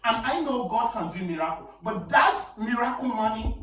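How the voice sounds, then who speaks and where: A man with a Nigerian accent telling a story in casual podcast talk, animated and insistent when cut off. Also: extremely high pitch, moderate pace. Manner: animated, insistent, talks over interruptions. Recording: echoey room, distant mic, faint noise.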